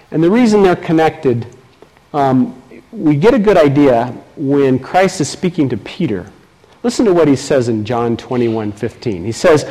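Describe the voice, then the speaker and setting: A man preaching a sermon as pastor, reading scripture aloud with emphatic delivery. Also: poor audio. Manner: slow, emphatic preaching with lively swings in pitch.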